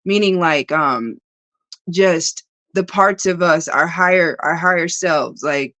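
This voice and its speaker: A woman's voice: lowish voice, takes it slowly, fairly bright tone, no room sound, muffled recording. A woman guest in a casual spiritual conversation, talking animatedly, often laughing and acting out the voices she quotes.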